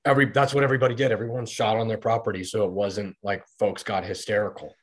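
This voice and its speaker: A man's voice: fairly low pitch, steady tone, fast talker. A middle-aged man, a podcast guest, talking casually and rambling through his stories with frequent restarts and fillers. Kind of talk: casual conversational storytelling.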